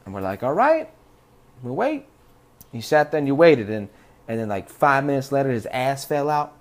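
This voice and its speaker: A man's voice: mid-range voice, fairly quick. A man hosting a podcast, telling stories in a rambling, profane, laid-back way. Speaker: podcast host. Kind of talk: casual rambling monologue.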